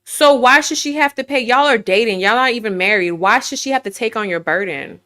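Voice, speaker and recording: A woman's voice: fairly high pitch, fairly quick, pushed and bright. A woman hosting an opinion commentary to camera, emphatic and sassy, firing off rhetorical questions. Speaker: host. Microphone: webcam while screen sharing.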